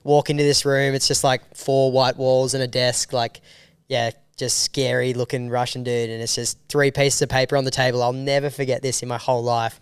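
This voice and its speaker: An Australian man, a filmmaker guest, telling a story in a casual interview with a rambling, animated manner and casual swearing. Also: mid-range voice, fairly quick, clear, resonant tone, dry recording, studio quality.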